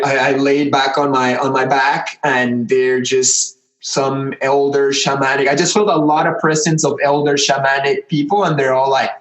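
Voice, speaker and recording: A man's voice: mid-range voice, fairly bright tone, echoey room, rough recording. A man, a podcast guest, telling a long story casually, rambling with many fillers and acting out the voices of the people in it.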